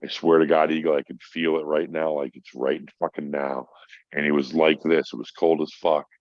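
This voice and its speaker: A middle-aged man with an extremely deep voice tells a heartfelt story as a podcast guest, cursing freely. The recording is dry and slightly dull, like lo-fi audio. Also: level tone, normal speed, a little mellow, no echo. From Minnesota. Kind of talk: casual chat.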